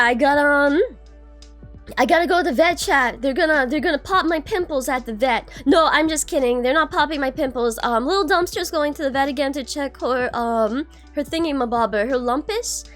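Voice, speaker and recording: A woman's voice: sits high, a bit bright. A young adult woman streaming, chatting casually and greeting her viewers by name, bubbly and swearing now and then.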